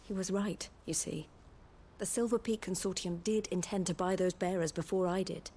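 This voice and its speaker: A calm formal noblewoman. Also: on the low side, slightly rough. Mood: regretful. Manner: measured, formal. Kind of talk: video game dialogue.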